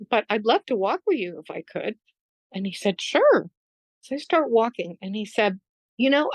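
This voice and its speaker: A woman's voice: mid-range voice, no echo, rough recording. Earnest woman telling a story. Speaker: podcast guest. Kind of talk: storytelling in a conversation.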